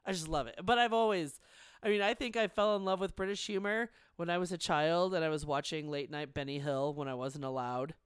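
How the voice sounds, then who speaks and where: Chatty, animated woman, smooth clear voice. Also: low voice, a little fast, no room sound, studio quality. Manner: chatty, animated, swears freely. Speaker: podcast co-host. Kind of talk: casual chat.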